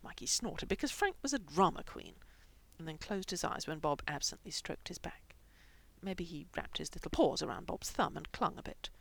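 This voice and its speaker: A woman reading fan fiction aloud with expressive, animated narration. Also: on the low side, moderate pace, creaky, whispered. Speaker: reader.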